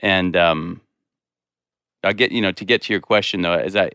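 A man as a podcast guest, speaking in a reflective, halting way with many "um" and "you know" fillers. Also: deep voice, sharp tone, clear, resonant tone, no echo, studio quality. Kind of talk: casual interview conversation.

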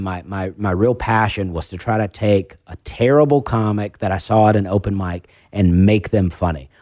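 A man's voice: fairly low pitch, darkish tone, no room sound, studio quality. A man with a faint Southern accent, a stand-up comedian talking casually on a podcast, rambling and self-deprecating with lots of restarts. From American South.

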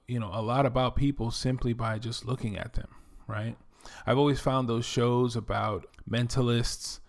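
Middle-aged man, New York accent, gravelly, casual reflective storyteller. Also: medium pitch. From the Bronx, New York. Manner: reflective, many fillers like "you know" and "um". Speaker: former Air Force veteran and doctor telling his story. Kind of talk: casual personal monologue.

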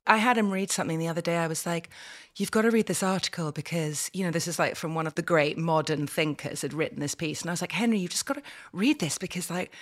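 A woman's voice: sits low, steady tone, fast talker. A middle-aged woman co-hosting an advice show, chatting casually and acting out quotes in exaggerated voices. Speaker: podcast co-host.

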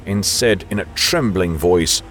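A man narrating a novel as an audiobook in a measured storytelling manner. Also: low voice, fairly bright tone, soft background music.

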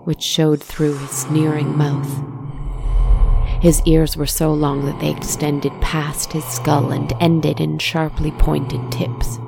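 A woman narrating a story in a soft, deliberate way. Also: low voice, vocal fry.

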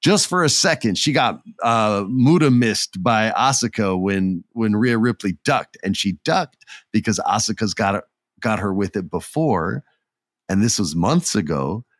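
A man casually and excitedly retelling a wrestling match, acting out scenes as he goes. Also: lowish voice, unhurried, no echo, clean studio sound. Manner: excitable, acts out scenes, many restarts. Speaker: wrestling recap commentator. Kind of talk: casual storytelling recap.

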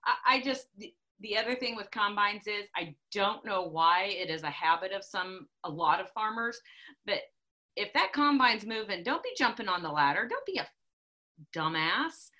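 A middle-aged woman talking casually, blunt and emphatic, often repeating herself for force. Her voice is bright and forward, sitting in the ordinary range for a woman. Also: mid-range voice, big pitch swings, normal speed. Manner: emphatic, blunt and repetitive when preaching farm safety. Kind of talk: casual chat.

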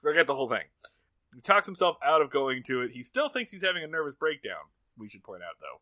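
Animated, bright-voiced man recapping a show. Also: fairly high pitch, fast, no room sound. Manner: animated, acts out quotes in loud voices, profane. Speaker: podcast co-host. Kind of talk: casual comedic episode recap.

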